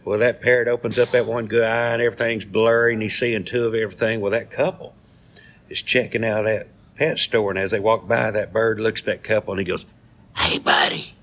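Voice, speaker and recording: Folksy low-voiced man. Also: flat delivery, fast talker, a bit bright. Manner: folksy storyteller. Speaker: co-host. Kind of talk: casual chat and joke telling.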